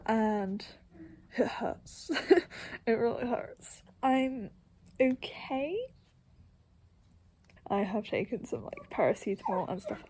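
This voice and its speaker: A woman's voice: medium pitch, a little mellow, slight background noise. A young woman vlogging to camera in a rambling, self-deprecating way, laughing often and half-whispering at times. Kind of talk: casual to-camera chat.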